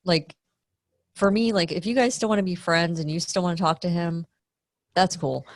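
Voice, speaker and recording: Woman, low voice, dry close sound, frank matter-of-fact talk, podcast guest. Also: normal speed, no room sound. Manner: frank, sets firm limits matter-of-factly. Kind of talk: casual podcast chat.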